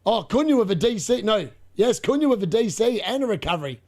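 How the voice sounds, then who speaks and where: Talking to his chat and laughing often, a young man excitably covers a live football match on his fantasy football stream. He speaks at a quick pace in a high voice.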